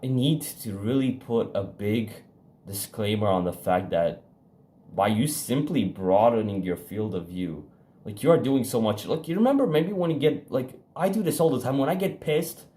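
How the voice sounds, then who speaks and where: A young man with a medium-pitched, expressive, mellow voice talks to camera as a self-improvement vlogger. The motivational chat is casual, candid, and profane, full of fillers and false starts, delivered emphatically with tempo changes to stress key ideas.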